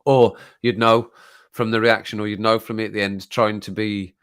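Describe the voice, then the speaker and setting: A man's voice: fairly low pitch, flat delivery, normal speed, fairly bright tone, clear, resonant tone. A British man hosting a casual live-stream chat from home, rambling and laughing, often repeating himself. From Britain. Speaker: YouTube channel host. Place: home, sitting at desk.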